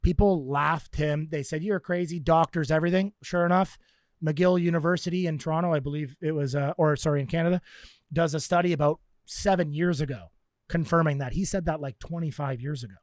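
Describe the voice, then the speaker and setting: A man chatting on a podcast in a slightly higher voice, telling stories with animated energy and putting on voices for the people he quotes. The sound is dry and close, with little room around it. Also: brisk, no echo. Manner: animated storyteller, acts out quotes. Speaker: podcast co-host sharing training stories. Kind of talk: casual podcast chat.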